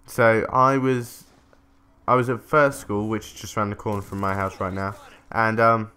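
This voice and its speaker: A man's voice: fairly low pitch, little pitch movement, moderate pace, sharp tone, clean tone. A man, telling a rambling story during casual gameplay commentary, swearing casually. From England. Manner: rambling, chatty, self-interrupting, swears casually. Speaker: gaming commentator.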